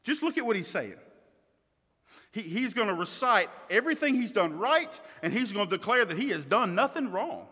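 A man preaching a sermon as pastor, emphatic, swinging between loud stresses and quiet asides. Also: sits high, sing-song, moderate pace, husky. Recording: long reverb of a hall.

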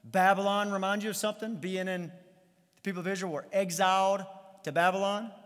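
A man's voice: sits high, little pitch movement, brisk, fairly bright tone, clear, resonant tone, long reverb tail. A man preaching a sermon as pastor, emphatic, repeating key phrases with some stammered restarts.

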